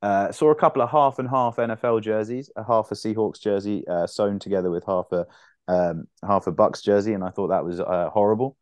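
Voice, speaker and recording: Rambling man, lowish dry voice. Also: a little fast, a little mellow, no room sound. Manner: rambling with frequent restarts and swearing. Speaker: podcast co-host. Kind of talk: casual sports chat.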